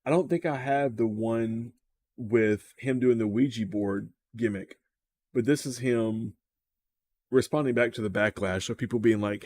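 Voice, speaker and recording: A man's voice: medium pitch, normal speed, a little mellow, no room sound. A man hosting casual reaction commentary, swearing freely and stammering over repeated words. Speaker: commentary host.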